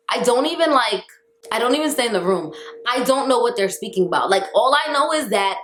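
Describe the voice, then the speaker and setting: Young woman vlogger, higher-pitched, animated and exasperated, slangy storytime delivery, roomy sound. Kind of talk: storytime vlog.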